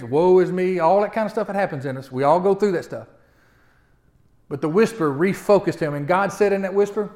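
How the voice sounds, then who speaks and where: A man preaches a folksy sermon. His voice sits fairly high, rises loud at the peaks and drops to a near hush. He often stumbles over his opening words and repeats them. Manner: folksy preaching with big swings from loud to hushed; repeats words when starting sentences. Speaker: pastor.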